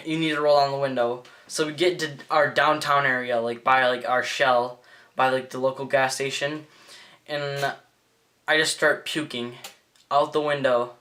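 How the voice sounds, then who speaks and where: A teenage boy vlogger telling a story in a rambling, excitable way, full of fillers and restarts. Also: mid-range voice. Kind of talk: casual storytelling vlog.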